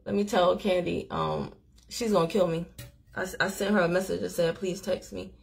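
A woman hosting a live stream, chatting straight to her viewers as she tells a story in an animated, casual way. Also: fairly low pitch, moderate pace, vocal fry, faint music behind. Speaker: livestream host. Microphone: phone or webcam on a live stream.

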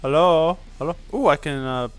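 A man's voice: fairly low pitch, expressive, fast talker, a bit bright, no echo, soft background music. A young man playing a video game with a friend, chatting casually and joking around. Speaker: gamer. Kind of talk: casual let's-play chat.

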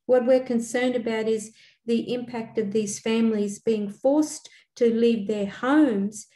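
An older woman, speaking earnestly as a community elder on a panel, pausing often with fillers. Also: a little high, fairly even intonation, dark tone. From Australia. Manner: earnest, halting, with frequent fillers. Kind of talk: panel talk. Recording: echoey room.

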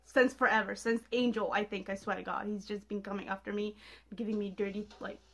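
A woman's voice: mid-range voice, little pitch movement, brisk, fairly bright tone. A young woman reacting to music video trailers, gushing and swearing, with sudden shrieks between muttered asides. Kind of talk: excited reaction commentary.

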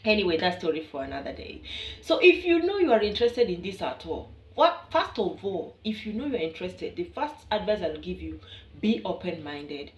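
A woman's voice: fairly low pitch, normal speed. A woman from Kenya with a Kenyan accent, chatting playfully and with lots of energy to her viewers. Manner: chatty, playful and animated, laughs often. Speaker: vlogger. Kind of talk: casual vlog chat to camera. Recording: echoey room with a distant mic.

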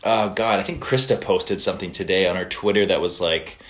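A man with a deep, low voice hosts a laid-back livestream and reads viewer greetings aloud. He answers questions casually and often slips into short Italian phrases. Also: fairly even intonation, fairly quick, a bit bright. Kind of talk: casual live chat reading viewer comments.

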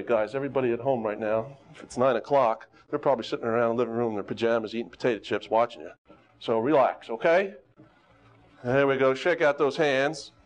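A man teaching karate who leads students through a warm-up, calling out exercises and teasing them with jokes. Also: medium pitch. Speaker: karate instructor. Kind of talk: leading a warm-up on a local TV show. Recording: dull lo-fi TV studio sound.

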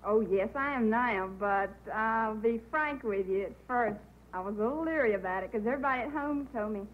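A woman's voice: a little high, fairly quick, hardly any pauses. A woman from North Carolina with a Southern accent, an easygoing contestant answering the host. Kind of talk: answering interview questions. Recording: muffled old broadcast audio, faint hiss.

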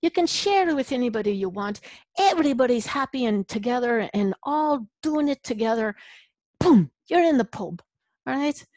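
A woman's voice: lively intonation, moderate pace, a little mellow, dry recording, lightly acted. A woman putting on a prim Irish-lilted lady. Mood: playful. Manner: playful, exaggerated, high and sing-song. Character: prim, proper woman with a put-on Irish lilt.

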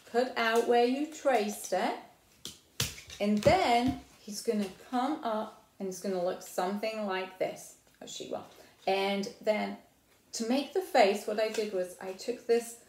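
A woman's voice: mid-range voice, a little mellow, a little hiss or hum. A middle-aged woman presenting a children's library program, explaining crafts and experiments step by step and asking the viewer friendly questions. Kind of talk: hands-on craft and science lesson for kids. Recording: echoey room.

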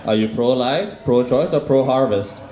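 A man doing a stand-up set at an open mic, speaking at a middle pitch into a handheld stage mic. He repeats his punchlines with crude, deadpan humor. The room gives his voice a clear echo. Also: normal speed. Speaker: stand-up comic. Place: small open mic venue. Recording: echoey room.

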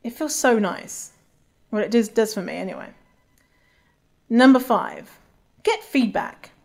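A woman's voice: fairly high pitch, lively intonation, a little slow, gravelly, a little mellow. A woman hosting a solo podcast, talking casually and candidly, swearing freely and restarting her sentences often. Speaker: podcast host.

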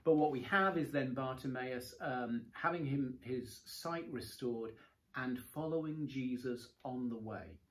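Measured reflective male bishop. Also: mid-range voice. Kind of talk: conversational bible discussion.

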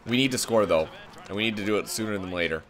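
A man's voice: lowish voice, quick pace, a bit bright. A man commenting on his own hockey video game play, calling the action like a broadcaster and swearing when it goes wrong. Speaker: gaming channel host.

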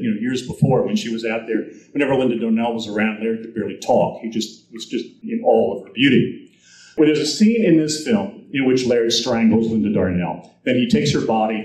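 A male guest speaker giving a storytelling presentation at a convention, lively and anecdotal, acting out the quotes he tells. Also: fairly low pitch. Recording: roomy echo, captured from the audience.

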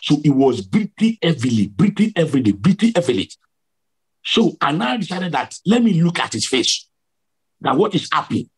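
A man's voice: a little high, sing-song, moderate pace, slightly rough. A male preacher giving a sermon testimony, telling his story emphatically and repeating key words for drama.

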